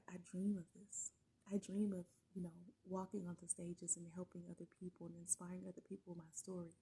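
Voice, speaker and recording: A middle-aged woman telling her own story in a casual, halting way, often dropping to a whisper and close to tears. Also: fairly low pitch, warm tone, rough recording. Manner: halting, many fillers, often drops to a breathy whisper. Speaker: vlogger sharing her story.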